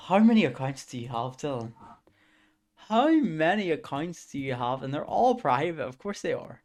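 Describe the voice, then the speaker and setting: A man's voice: fairly high pitch, big pitch swings, moderate pace, darkish tone. A young man streaming, bantering with his chat, swearing and muttering to himself between voice-over lines. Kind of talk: casual stream commentary with voice-over.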